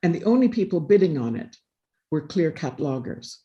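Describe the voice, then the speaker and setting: A deep-voiced woman, very animated at a moderate pace, shares a personal story on a live panel. The tone is dark with the highs cut off, and she's earnest and reflective, dramatizing the dialogue she quotes.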